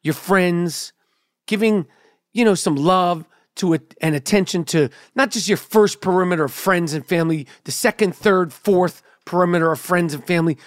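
A man's voice: sits high, moderate pace, no room sound, studio quality. A man hosting a podcast, telling a rambling, profane, comedic story in casual chat. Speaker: podcast host.

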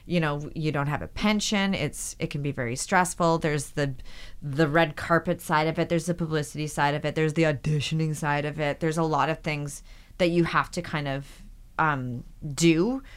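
A woman in her forties with a low voice tells stories from her acting career in a relaxed interview. She jumps into quoted voices as she goes and keeps the telling lively. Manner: animated anecdotes, acts out quoted voices. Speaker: actress, podcast guest. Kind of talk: casual storytelling interview.

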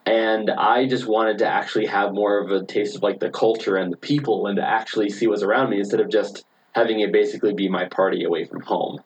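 A man's voice: on the low side, steady tone, fast talker, hardly any pauses, slight background noise, poor audio. A man in his twenties chatting casually as a podcast guest, rambling through stories with lots of fillers and laughs. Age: 20s. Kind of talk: casual chat, storytelling.

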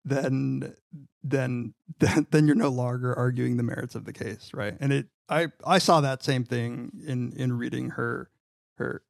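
A man's voice: medium pitch, fairly even intonation, unhurried, vocal fry, dry recording, studio quality. A man co-hosting a casual podcast discussion, a psychology lecturer who talks in a wry way with hesitant restarts. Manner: wry, laughs between phrases, hesitant restarts.

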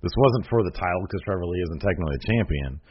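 A man's voice: low-pitched, lively intonation, quick pace, slightly rough. A man hosting a casual podcast, recapping a show in a rambling way, full of fillers and asides. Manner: rambling, lots of filler and "anyways". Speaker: podcast host reviewing wrestling. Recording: dull lo-fi recording.

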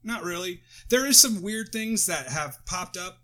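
A man's voice: high voice, expressive, measured pace, bright, forceful tone. Rambling American guy on a podcast mic. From United States. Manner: rambling, tangent-prone, self-interrupting. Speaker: podcast co-host. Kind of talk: casual chat. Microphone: close podcast mic.

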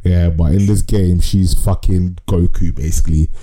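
A man's voice: deep voice, fairly even intonation, normal speed, mellow, poor audio. A man co-hosting a podcast, chatting casually about anime in a rambling, sweary, slangy way. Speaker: podcast co-host.

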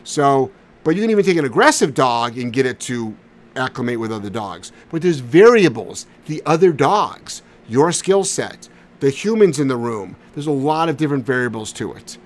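A man hosting a live question-and-answer show as a dog trainer, answering viewers in a blunt, animated, sometimes profane way. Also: mid-range voice, normal speed. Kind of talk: casual live Q&A.

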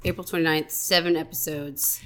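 A woman's voice: sits low, moderate pace. A woman guest talking about TV shows in a casual chat, telling stories with enthusiasm. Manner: enthusiastic, animated storytelling. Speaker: guest streaming expert.

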